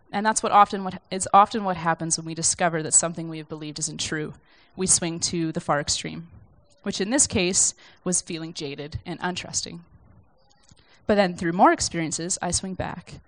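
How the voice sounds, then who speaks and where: A woman's voice: fairly low pitch, normal speed, no echo. A young woman giving an informal sermon from notes in a conversational, reflective, self-deprecating way. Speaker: speaker sharing a church message.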